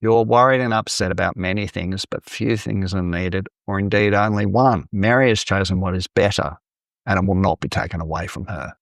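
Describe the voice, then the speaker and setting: A man voicing a calm male teacher who speaks warmly and directly. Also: on the low side, a little fast, dry recording, studio quality, natural voice. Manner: warm and direct.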